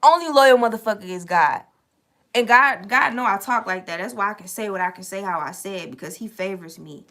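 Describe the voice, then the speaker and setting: A young woman telling a casual, profane story to her viewers, animated and streetwise. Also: mid-range voice, fairly quick, few pauses. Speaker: tarot reader and channel host.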